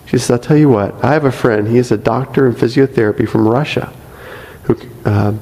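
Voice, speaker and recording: A man's voice: medium pitch, fairly quick, warm tone, big-room sound, poor audio. A man reading a congregant's testimony aloud in a church, earnest and breaking off for light asides, speaking into a microphone. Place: church sanctuary.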